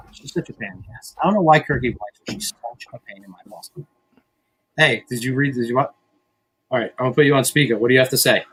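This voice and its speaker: A man's voice: medium pitch, fairly quick, pauses often, a bit bright, husky. A man hosting a podcast in casual banter, rambling and profane, often mocking himself. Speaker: podcast host.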